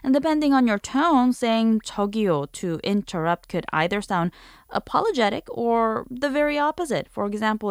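A woman hosts a scripted language lesson in a steady, medium-pitched voice. She explains each phrase carefully and models the examples slowly and clearly. The sound is dry and close, with no room echo. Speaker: language teacher host.

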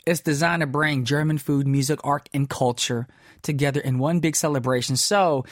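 A man's voice: normal speed, dry recording, studio quality. A man hosting a pop music radio show, reading entertainment news in upbeat patter with playful asides. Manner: animated, playful asides, swoops high on exclamations. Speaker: radio DJ host.

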